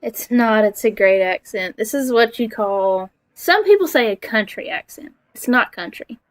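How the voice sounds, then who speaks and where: A woman's voice: on the high side, lively intonation, normal speed, no room sound, low-quality recording. A woman from Alabama with a Southern accent, chatting casually and teasing herself while she streams a game from her floor at home. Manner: chatty, self-deprecating. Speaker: livestreamer. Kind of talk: casual chat while gaming.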